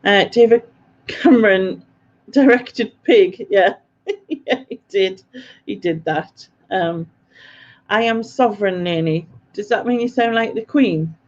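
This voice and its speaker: A woman's voice: mid-range voice, slow pace, dull audio. A woman hosting a live quiz stream, chatty and self-mocking, laughing often as she reads out viewer comments. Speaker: quiz host.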